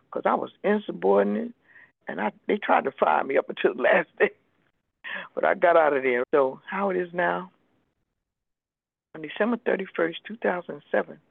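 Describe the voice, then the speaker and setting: A woman's voice: fairly low pitch, vocal fry, slightly rough, dry recording. An older woman telling her recovery story as personal testimony, emphatic and acting out the people she quotes. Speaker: speaker sharing a recovery story. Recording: tinny phone-like radio recording.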